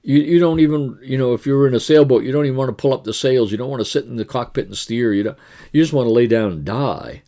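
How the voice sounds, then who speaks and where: A man's voice: medium pitch, fast talker, dark tone. A man giving a devotional sermon in an earnest, conversational way, with frequent restarts and rhetorical questions. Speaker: pastor.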